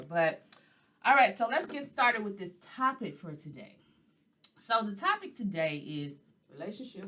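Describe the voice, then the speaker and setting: Sassy, animated woman podcast host. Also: medium pitch, far from the mic, a little hiss or hum. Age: 40s. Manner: animated and sassy, talks straight to listeners. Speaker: podcast host and life coach. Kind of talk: casual podcast monologue.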